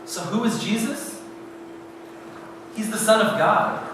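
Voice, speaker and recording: A man with a high voice preaches as a youth pastor, retelling a story in the first person. He swings from hushed to loud. He is heard from across a very echoey hall with a faint hiss behind. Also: expressive, slow pace, distant mic.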